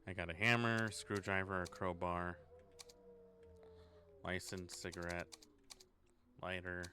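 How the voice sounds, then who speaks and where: A man's voice: low voice, level tone, slow, pushed and bright, a little hiss or hum. A man streaming a horror game, thinking aloud in a sarcastic, swearing way. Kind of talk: casual horror game let's play.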